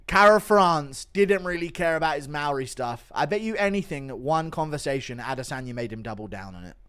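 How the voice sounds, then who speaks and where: A man's voice: medium pitch, lively intonation, a little fast, hardly any pauses, smooth. Downbeat mumbling man with sudden rants. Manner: mumbling and downbeat, then sudden loud ranting bursts; swears freely. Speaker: streamer. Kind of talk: casual livestream chat reading donations.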